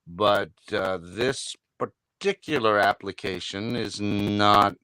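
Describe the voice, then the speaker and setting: This man has a low, bright, forceful voice, and he tells stories with lots of restarts. He talks from a home studio mic, and the sound is very dry and close. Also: slow pace, smooth, dry recording, rough recording. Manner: anecdotal, many restarts, slips into impressions. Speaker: voice actor guest. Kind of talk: casual reunion chat, storytelling. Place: home recording setup. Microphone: home studio microphone.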